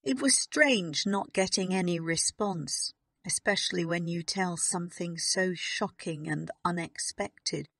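A woman voicing a puzzled, chatty schoolmistress recounting events, in a slow storybook reading. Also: fairly low pitch, vocal fry, fairly bright tone, no room sound, studio quality, exaggerated voice. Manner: wondering, chatty.

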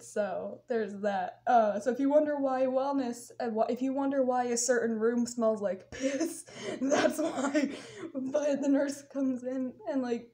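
A woman's voice: high voice, mellow. A young woman vlogger telling a funny personal story in a casual way, often breaking into laughter.

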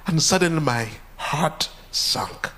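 A pastor giving an earnest testimony sermon, repeating phrases with rising intensity. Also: male voice, on the high side, takes it slowly, bright, forceful tone, slight background noise. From Uganda.

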